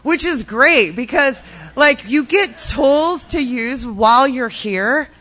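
A woman's voice: high voice, animated, slow, fairly bright tone. A woman telling her personal recovery story in a rambling way, full of "like" and "um". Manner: rambling, heavy use of "like" and "um".

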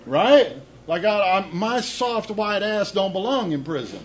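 A man's voice: high voice, lively intonation, measured pace, a little hiss or hum, low-quality recording. A middle-aged man telling his own recovery story to an audience, candid and self-deprecating, often repeating words as he starts a thought. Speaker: speaker sharing a recovery story. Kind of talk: personal testimony talk to an audience.

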